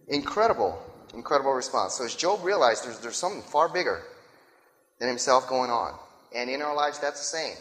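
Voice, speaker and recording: A man preaching a sermon in a casual, talky way, pausing to ask his listeners "right?" as he goes. His voice sits at an ordinary pitch. It rings out with a long reverb, as if in a large hall. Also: animated, fairly bright tone. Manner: conversational preaching, frequent "right?" asides. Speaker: pastor.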